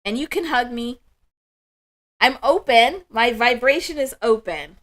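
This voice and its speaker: Hosting a spiritual livestream, a woman chats with viewers in a warm, emotional, affirming way, slow and soft-spoken. Her voice is fairly high, with lively intonation.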